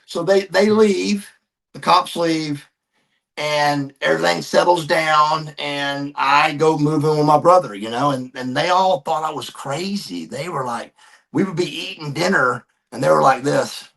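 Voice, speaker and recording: A man's voice: a little high, unhurried, vocal fry, a bit bright. A man, a podcast guest animatedly telling a personal story and calling people brother. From Georgia, USA.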